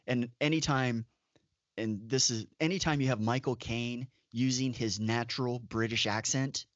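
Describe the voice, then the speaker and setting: A man's voice: mid-range voice, fairly even intonation, normal speed, no room sound. Opinionated man co-hosting a podcast. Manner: opinionated, emphatic asides. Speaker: podcast co-host. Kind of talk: casual chat. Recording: dull, dry lo-fi audio.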